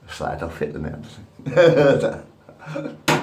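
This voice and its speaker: A man's voice: deep voice, big pitch swings, slow, pauses often, slight background noise. A man in his fifties rambling crudely and repetitively to a camera at home. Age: 50s. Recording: echoey room.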